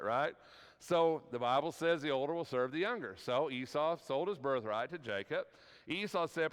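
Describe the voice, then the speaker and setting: His voice leans high, a bit bright, clear and resonant, at a moderate pace. He leads an evening Bible class in a church hall with long hall reverb, chatting with the group and checking in with "right?" again and again.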